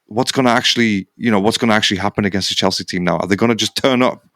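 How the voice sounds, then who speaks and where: A man's voice: fairly low pitch, rapid-fire, a bit bright, dry recording, studio quality. A man co-hosting a sports podcast, talking in a rambling, casual way with many fillers and restarts. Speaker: podcast co-host.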